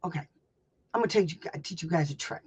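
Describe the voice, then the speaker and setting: A woman's voice: low voice, a little fast, darkish tone, slightly rough. A woman hosting a casual teaching chat as a special education advocate. She rambles, laughs a lot, and talks bluntly with some salty language. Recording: slightly dull lo-fi sound.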